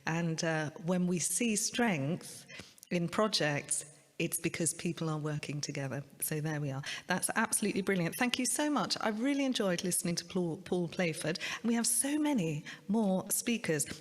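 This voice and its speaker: A woman with a somewhat low voice hosts a community conference over a video call, upbeat and full of praise. Her voice carries a long reverb tail. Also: lively intonation, normal speed. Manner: upbeat and enthusiastic. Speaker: event host. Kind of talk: hosting an online conference.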